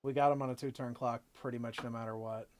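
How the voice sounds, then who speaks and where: A man's voice: medium pitch, fairly even intonation, quick pace, darkish tone, a little hiss or hum. A man live-streaming a card game, casually thinking aloud with playful jokey asides. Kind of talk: casual gameplay commentary.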